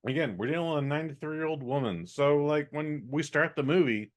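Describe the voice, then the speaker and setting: A man's voice: a little high, brisk. A man co-hosting a podcast, giving a rambling, profane, exasperated movie review in casual chat.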